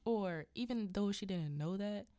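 A woman hosting a podcast, retelling a film in chatty, animated storytelling with asides. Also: mid-range voice, unhurried, no room sound. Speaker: podcast host. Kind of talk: casual film recap.

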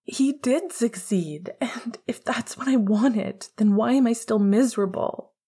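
A woman voicing a heartbroken, bitter young man who mumbles in a breathy half-whisper. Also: on the high side, measured pace, dark tone, voice pushed up. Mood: anguished. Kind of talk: audiobook character reading.

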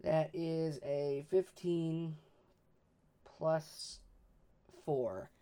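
A tabletop game player thinking aloud, excitable and swearing freely. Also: mid-range voice, very slow, clear, resonant tone. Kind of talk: casual tabletop game play.

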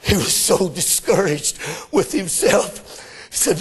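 A man preaching a sermon with fervent delivery that swells into shouts. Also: high-pitched, expressive, takes it slowly, few pauses, husky.

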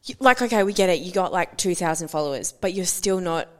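A woman's voice: lowish voice, quick pace. Young aussie woman ranting on a podcast, voice jumps all over, lots of swearing and laughs. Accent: Australian. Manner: animated, swearing, laughing often. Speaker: podcast co-host. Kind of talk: casual chat.

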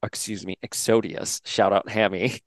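A man's voice: fairly low pitch, steady tone, moderate pace, no room sound. A man hosting a podcast, casually recapping a comic story and paraphrasing the characters' lines in a chatty way. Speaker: podcast host.

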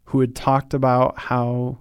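A man hosting a faith podcast, talking in an earnest, thoughtful way and slowing down on the solemn points. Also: mid-range voice, completely flat delivery, clear, resonant tone, no room sound, clean studio sound. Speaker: podcast host. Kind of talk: reflective faith podcast talk.

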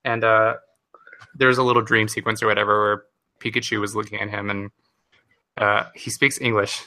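Give me a young man co-hosting a casual podcast chat. His voice is very bright and forward. He rambles animatedly, laughs often and shoots up high when something excites him. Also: moderate pace. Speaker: podcast co-host.

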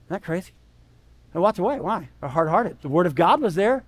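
A man's voice: high-pitched, sing-song, a little fast. A man preaching a sermon in a conversational way, often checking in with "right?" and acting out the voices he quotes. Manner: conversational, keeps asking "right?". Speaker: pastor.

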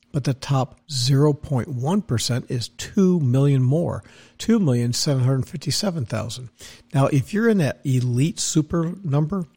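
A man's voice: mid-range voice, mellow, breathy edge. A man hosting his own podcast as a financial adviser, delivering a blunt, rambling, opinionated rant full of restarts. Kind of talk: opinionated solo podcast monologue.

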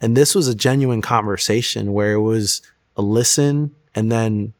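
A man's voice: on the low side, moderate pace, no room sound, clean studio sound. A young man telling his personal faith testimony in an interview, earnest and reflective, often restarting his sentences. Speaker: testimony guest.

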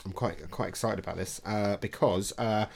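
A podcast host in casual conversation, jokey and chatty, who often laughs mid-sentence and sometimes reads aloud from a book slowly. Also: low-pitched, creaky, darkish tone. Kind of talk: casual chat interview.

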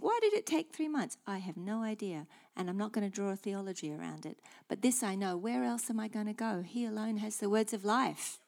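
A woman preaching a sermon in an emphatic, declarative way, dropping now and then to hushed asides. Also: mid-range voice.

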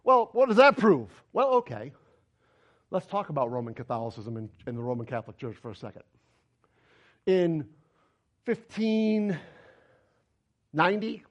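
Male pastor, sermon, emphatic, high pitched, very lively delivery. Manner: emphatic, argumentative, rhetorical questions.

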